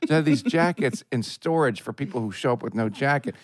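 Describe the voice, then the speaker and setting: A man's voice: mid-range voice, expressive, fairly quick, few pauses, no room sound. A man co-hosting a podcast, telling a rambling self-deprecating story and laughing as he goes. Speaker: podcast co-host. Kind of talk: casual chat.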